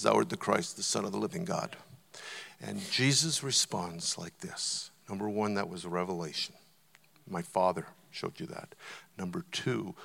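A man preaching a sermon, telling stories and building to loud, emphatic points. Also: sits low, vocal fry, breathy edge. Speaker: visiting preacher. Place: church auditorium. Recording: long church hall reverb.

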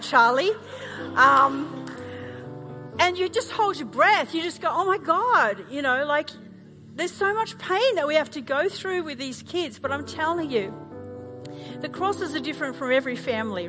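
A middle-aged Australian woman pastor preaching a sermon, telling animated stories with self-mocking humor. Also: fairly high pitch. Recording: music playing underneath.

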